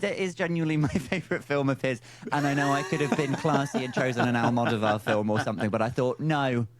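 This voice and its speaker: A man with an English accent hosting a podcast in casual chat, playful and quick to laugh. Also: medium pitch, crowd noise. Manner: laughs often, lively and playful. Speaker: podcast host.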